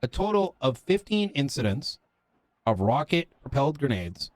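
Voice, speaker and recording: A man's voice: mid-range voice, sing-song, normal speed, no echo. A man playing a police officer in a roleplay game, talking in character in an earnest, lecturing way, stopping often with fillers.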